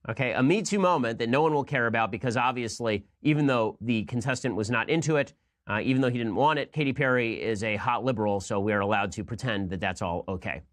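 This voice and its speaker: Male political commentator at mid pitch, fast-talking, sarcastic and argumentative. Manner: rapid-fire, sarcastic, argumentative.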